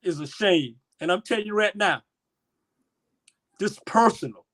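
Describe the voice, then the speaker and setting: Give me a high-pitched man speaking with raw, impassioned emotion on a talk stream. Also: lively intonation, measured pace. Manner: emotional, impassioned, swings loud and soft. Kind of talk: casual live-stream talk.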